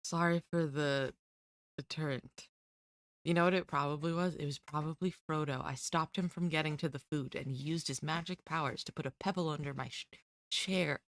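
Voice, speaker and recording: A woman's voice: low voice, fairly even intonation, normal speed, no room sound. A woman streamer chatting casually with her viewers, rambling and giggling at herself. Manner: giggly, rambling, self-deprecating.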